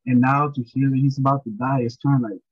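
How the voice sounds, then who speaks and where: Husky man on a dull lo-fi mic. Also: mid-range voice, steady tone, fast talker, no room sound. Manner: rambling, many restarts, sympathetic. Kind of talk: casual film discussion.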